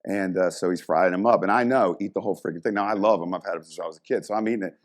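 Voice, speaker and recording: Man, low voice, middle-aged, lively storyteller, casual interview. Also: racing. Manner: animated storyteller, acts out quoted voices. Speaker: guest, former college strength coach.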